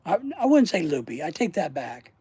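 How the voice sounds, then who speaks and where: A man's voice: a little high, sing-song, brisk, dark tone, slightly rough, no room sound. A man hosting his channel and telling a long personal story in a casual, rambling way, swearing and trailing off mid-sentence. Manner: rambling, profane, often trails off. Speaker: channel host.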